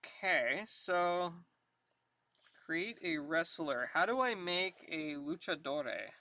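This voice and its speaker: Slow, bright-voiced streamer chatting casually. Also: mid-range voice, lively intonation. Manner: chatty, laughs often, thinks out loud. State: out of breath. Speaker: live streamer. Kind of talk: casual live-stream chat.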